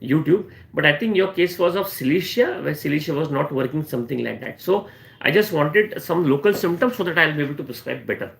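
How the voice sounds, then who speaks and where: A man's voice: fairly high pitch, animated, a little fast, gravelly, a bit bright, reverberant. A man with an Indian English accent, a homeopathy doctor answering questions on a live stream, repeating key phrases and often saying "you know.".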